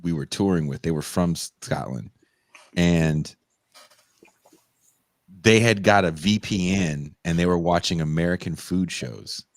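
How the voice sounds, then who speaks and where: A man co-hosting a podcast, telling animated stories in casual chat and swearing freely. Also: sits low, a little slow, pauses often, no room sound. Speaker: podcast co-host.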